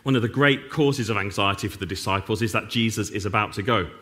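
A middle-aged man preaching a sermon as pastor, animated and full of dry, self-mocking humor. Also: fairly low pitch, fast. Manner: wry, self-mocking humor with sarcastic asides.

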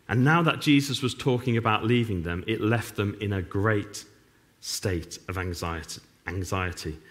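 Middle-aged pastor, animated sermon delivery, wry sarcastic asides. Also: male voice, fairly low pitch. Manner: wry, self-mocking humor with sarcastic asides.

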